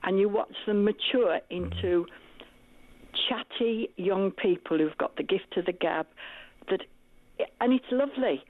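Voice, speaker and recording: A middle-aged woman calls into a radio phone-in and chats calmly about her family. Her voice comes over a tinny, narrow phone line, dry with no room at all. Her pitch sits at an ordinary middle height. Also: measured pace, pauses often, dry recording. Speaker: caller. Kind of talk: phone-in call.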